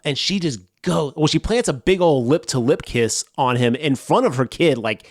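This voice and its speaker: A man's voice: fairly high pitch, brisk, no room sound. Dry, close-miked man retelling a movie. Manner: animated retelling, swears, acts out characters' lines. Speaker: podcast co-host. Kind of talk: casual movie discussion.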